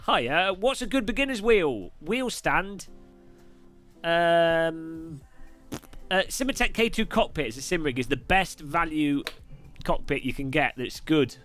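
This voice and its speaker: A man's voice: fairly high pitch, animated, measured pace, fairly bright tone, soft background music. A man from the UK hosting a live stream, answering questions while racing, with joking, irreverent chatter.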